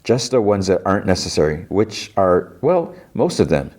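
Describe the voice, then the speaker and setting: A man's voice: deep voice, very animated, moderate pace, darkish tone, full character voice. Politely helpful woman, as a man puts her on. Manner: politely explanatory.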